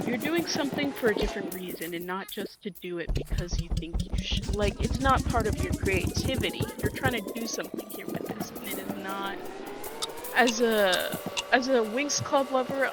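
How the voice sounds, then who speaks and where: Young woman gamer, exasperated casual rant, mid pitch, music clearly audible behind. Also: wildly swooping pitch, moderate pace. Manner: ranting, exasperated, self-interrupting. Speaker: gaming vlogger. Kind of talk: casual chat while playing a video game. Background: music under the talk.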